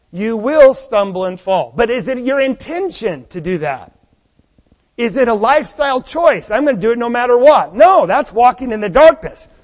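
A man with a high voice delivers a sermon. He preaches in an animated way and keeps asking the congregation rhetorical questions. His voice rings with the long reverb of a hall. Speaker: pastor.

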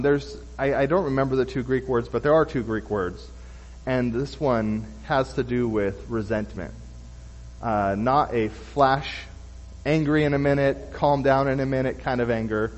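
A man's voice: mid-range voice, long reverb tail, highs cut off. A man giving a sermon, reading scripture and then explaining it loosely, with many fillers and restarts. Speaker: preacher.

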